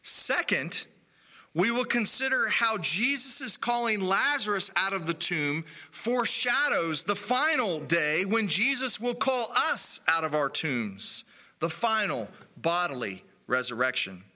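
Bright, lively-voiced male preacher. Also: high voice. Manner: earnest and measured, with emphatic pauses. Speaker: pastor. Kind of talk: sermon.

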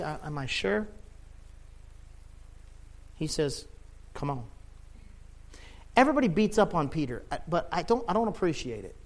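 A man preaching a sermon with passion, rising to loud shouts and dropping to quiet, low lines. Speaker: pastor.

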